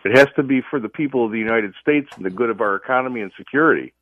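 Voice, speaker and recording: A man's voice: medium pitch, racing, narrow, tinny audio. A man speaking as a guest commentator on a talk radio show, emphatic and opinionated, stumbling and restarting often.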